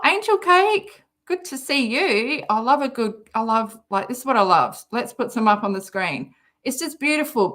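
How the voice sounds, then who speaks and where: A woman's voice: fairly high pitch, fairly bright tone. A woman with an Australian accent chatting casually on a livestream, reading out viewer comments between giggly, rambling asides. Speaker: livestream host reading chat.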